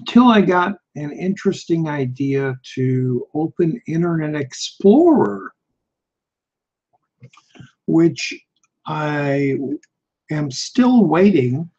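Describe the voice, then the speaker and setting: A man hosting a live stream in casual chat, rambling and frustrated, swearing often, on dull lo-fi webcam audio. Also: on the high side.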